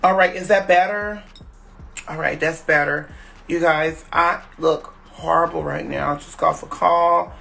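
A man's voice: fairly high pitch, steady tone, vocal fry, pushed and bright. Weary man rambling on a livestream. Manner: drawn-out, weary, halting with many fillers. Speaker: live streamer. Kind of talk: rambling casual livestream chat.

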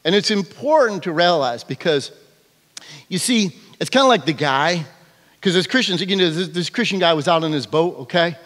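Here is a man preaching in a church sanctuary with a fairly high voice. He tells his stories with animation and keeps checking in with the congregation. The sound trails off in a long hall reverb. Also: normal speed. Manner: animated storytelling, frequent "okay?" check-ins. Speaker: pastor. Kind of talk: sermon.

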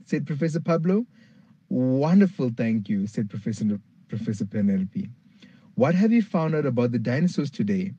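Man storyteller, warm husky voice, very lively pitch, dull lo-fi sound. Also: moderate pace, no room sound. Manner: animated, jumps high for characters' lines. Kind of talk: children's story read-aloud.

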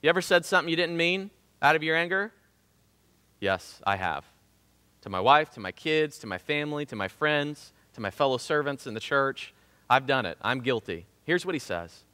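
Animated Southern Ohio pastor preaching. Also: male voice, on the high side, moderate pace. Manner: animated, self-deprecating, jokey asides. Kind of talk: sermon. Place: church sanctuary. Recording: long church hall reverb.

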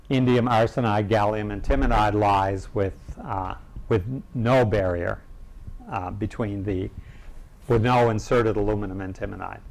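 Gravelly low-voiced man giving a seminar. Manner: halting, many filler pauses, clears throat. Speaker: seminar speaker. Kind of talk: academic seminar lecture.

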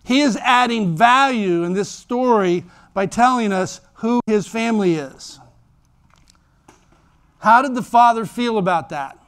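Male pastor, high voice, lively sermon delivery with acted-out voices. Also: unhurried, clean tone. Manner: animated storytelling, acts out voices. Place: church.

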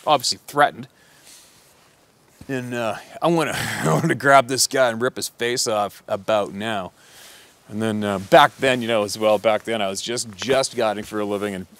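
A man's voice: fairly low pitch, a bit bright. A man who works as a hunting guide telling a story in a casual, profane, rambling way.

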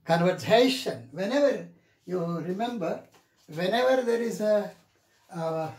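Slow, deliberate male teacher in an echoey room. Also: high-pitched, a little mellow. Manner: repeats example words several times, drawn-out and deliberate. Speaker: English pronunciation teacher. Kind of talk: classroom lecture.

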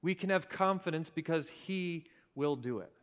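A man preaching a sermon in earnest tones, often dropping to a hushed low voice for emphasis. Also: moderate pace, in a large hall. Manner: earnest, drops to a hushed low voice at key points. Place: church sanctuary.

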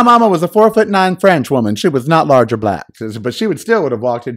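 Male podcast host, fairly high voice, animated and dramatic, casual solo monologue at a home mic. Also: brisk, hardly any pauses. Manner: animated, theatrical, exclamatory. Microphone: studio microphone.

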